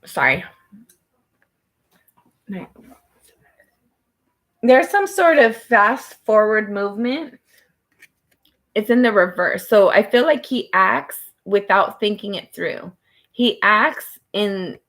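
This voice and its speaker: A woman's voice: mid-range voice, expressive, slow, pauses often, a bit bright. Chatty woman giving a tarot reading. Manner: chatty, rambling, many "like" fillers. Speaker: tarot reader. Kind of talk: casual tarot reading to camera.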